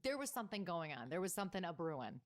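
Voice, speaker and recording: A woman hosting a chatty podcast, her voice sitting fairly low. She tells gossip stories in a running, aside-filled way. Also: big pitch swings. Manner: gossipy storytelling with quick asides. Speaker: podcast host. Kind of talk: casual podcast chat.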